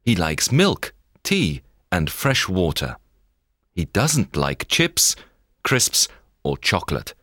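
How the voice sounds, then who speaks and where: A man reads a children's story aloud with a very deep voice that still rises and falls a great deal. He takes his time, pacing every sentence slowly and clearly. The sound is close and dry, with no room around it. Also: no room sound. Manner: expressive, measured read-aloud delivery. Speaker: narrator. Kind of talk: scripted storybook narration.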